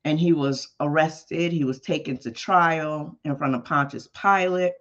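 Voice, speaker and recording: Preacher, relaxed storytelling sermon delivery, mid-pitched, slightly muffled lo-fi recording. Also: measured pace. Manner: conversational storytelling with emphatic exclamations. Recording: dull lo-fi podcast audio.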